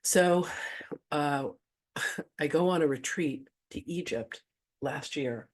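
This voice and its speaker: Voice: mid-range voice, slow pace. An effusive host of an online spiritual gathering tells a story in a loose, conversational way. The voice sits in a middle register. The host chuckles often and lets the odd swear word slip. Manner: effusive, gushing, cusses casually. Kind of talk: casual storytelling to an online audience.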